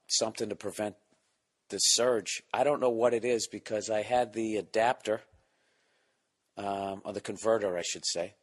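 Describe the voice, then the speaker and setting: Low voiced guy doing his podcast at home, swearing a lot, rambling, talking quietly. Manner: rambling, profane, self-mocking; keeping voice down. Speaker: podcast host and comedian. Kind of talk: casual solo podcast monologue. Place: home, at night or early morning.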